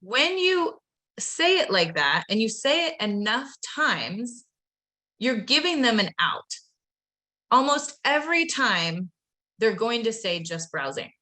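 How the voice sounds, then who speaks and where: A woman presenting a live online training webinar with a bright, forceful tone. She talks in a chatty, upbeat way and speaks straight to her viewers. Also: a little high, very animated, slow pace. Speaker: webinar presenter training real estate agents.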